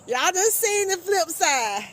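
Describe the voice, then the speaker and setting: A woman's voice: very high voice, very animated, takes it slowly, fairly bright tone, slight background noise. A woman hosting a casual live stream, chatting with viewers, teasing and laughing often.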